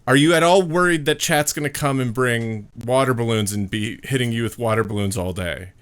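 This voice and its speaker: A man's voice: medium pitch, fairly quick, a bit bright, clear, resonant tone. A man co-hosting a casual live stream, telling stories in an easygoing way. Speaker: co-host of a live-streamed comedy show. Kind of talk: casual chat.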